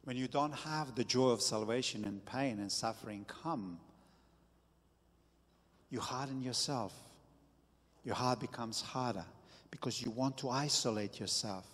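A man preaching a sermon as pastor, slow and deliberate with emphatic bursts. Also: medium pitch, a bit bright, in a large hall.

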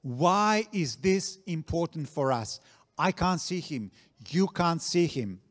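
A man preaching a sermon, slow and deliberate, repeating key phrases for emphasis. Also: a little high, animated. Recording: long reverb of a large hall.

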